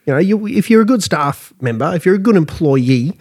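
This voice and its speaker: A tired, tipsy Australian man in his thirties co-hosts a podcast, a crude and casual pub chat. His voice is a little high, animated and brisk. He's blunt, swears, and laughs loudly at his own jokes.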